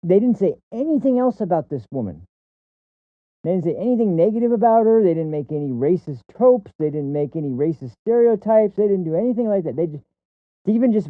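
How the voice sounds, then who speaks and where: A man's voice: sits high, animated, a little fast, no echo, phone-quality sound. A man streaming commentary on a debate clip, mocking and profane. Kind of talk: casual commentary rant.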